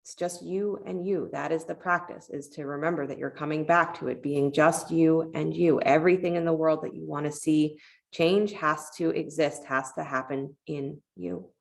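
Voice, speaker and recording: A woman teaching a yoga class, giving calm, encouraging cues and telling a short parable along the way. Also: deep voice, moderate pace, vocal fry. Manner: calm, encouraging cueing with a parable told in between.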